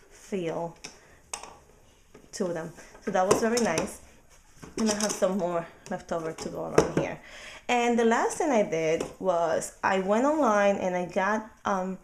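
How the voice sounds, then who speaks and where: A woman's voice: mid-range voice, darkish tone. A woman in her thirties casually talking through a handmade craft project at home, chatty and hesitant, with frequent ums and restarts. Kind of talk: casual show-and-tell tutorial.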